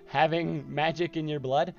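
A man's voice: fairly high pitch, fairly even intonation, slow, vocal fry, lo-fi sound, soft background music. A man narrating as game master of a tabletop game, talking casually with many fillers. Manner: hesitant, lots of fillers.

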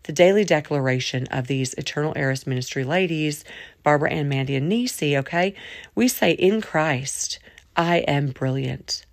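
Gravelly-voiced woman hosting a faith podcast. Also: low-pitched, normal speed, no echo, studio quality. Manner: chatty, jumps between topics, colloquial. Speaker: podcast host. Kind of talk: casual faith podcast monologue.

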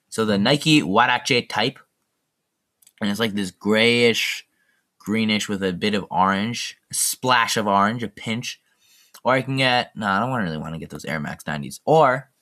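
A man's voice: lowish voice, pushed and bright. A teenage boy hosting his own podcast, rambling through jokey, chatty asides in a casual solo monologue. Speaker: podcast host.

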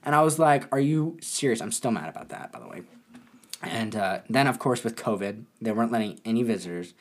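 A young man casually telling a story, animated and often laughing. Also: fairly low pitch, brisk.

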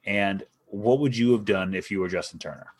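A man with a low voice co-hosting a casual sports podcast. He talks in a laid-back, hesitant way, with lots of "um"s and an occasional curse. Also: fairly quick. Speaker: podcast co-host.

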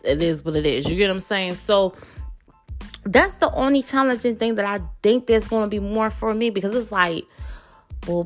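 A young woman hosting a podcast in a casual, rambling monologue, blunt, outspoken and freely profane, with a mid-range voice. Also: medium pitch. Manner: loose and rambling, lots of fillers. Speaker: podcast host.

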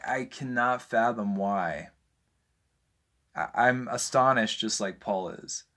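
A man's voice: mid-range voice, pushed and bright. A man preaching with growing fervor, firing off rhetorical questions and hammering each point. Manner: rising to fervent emphasis, rhetorical questions. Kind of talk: impassioned preaching.

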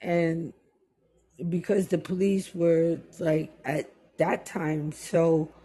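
A middle-aged woman from the West Indies tells stories from her past in unhurried, easygoing chat. Her voice is soft and breathy, and she slows down to let each story land. She breaks into the voices of the people in her tales, acting out what they said. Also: low-pitched, steady tone.

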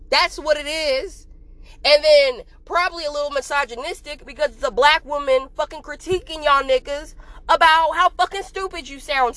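A woman's voice: sits high, fairly bright tone, no echo, rough recording. A young woman ranting casually and bluntly to her viewers, swearing freely and filling her talk with "like". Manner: profane, blunt, heated, lots of "like" fillers. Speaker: vlogger.

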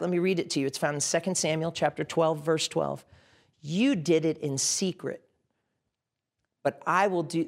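Middle-aged male pastor, sermon delivery, earnest and fervent, addresses the congregation directly. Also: on the high side. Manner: impassioned, direct address, repeats phrases for emphasis.

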